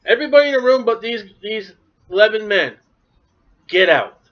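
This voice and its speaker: Speaking fast in a high voice, a man preaches an animated sermon, acting out the voices of biblical figures. The recording is dull and lo-fi.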